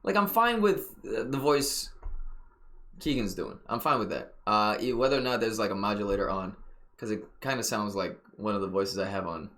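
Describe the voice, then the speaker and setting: A man's voice: fairly low pitch, normal speed, fairly bright tone. A young man streaming a rambling, profane reaction to a trailer in a casual way.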